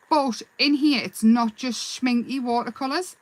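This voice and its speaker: A woman with a slightly high voice hosts a live craft session. She chats casually and rambles a little, breaking off to answer viewers' comments. Her tone stays relaxed and self-deprecating. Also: a little slow, no room sound, rough recording. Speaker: craft livestream host. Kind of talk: live craft demonstration and chat.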